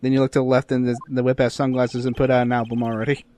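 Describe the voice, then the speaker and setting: A man's voice: medium pitch, little pitch movement, very fast, warm tone. A young man joking around in casual gameplay commentary, goofy and laughing. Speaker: let's play co-commentator.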